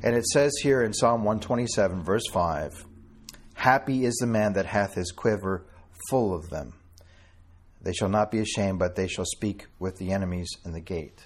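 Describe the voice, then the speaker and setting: A man's voice: sits low, normal speed. A man preaching an informal sermon to a small group, talking conversationally, addressing listeners by name and reading scripture in old-fashioned wording.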